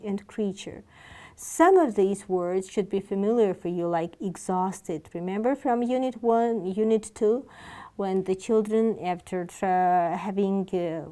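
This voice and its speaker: A woman's voice: mid-range voice, warm tone. Woman, English teacher, patient, repeats and asks questions. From Georgia. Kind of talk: classroom lesson.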